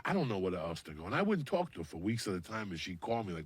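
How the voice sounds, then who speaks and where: A man's voice: sits low, racing, hardly any pauses, husky, dry recording. A middle-aged man telling a story on a podcast in a casual, profane way, acting out other people's voices as he goes. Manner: profane, animated, acts out voices in his stories. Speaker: podcast guest.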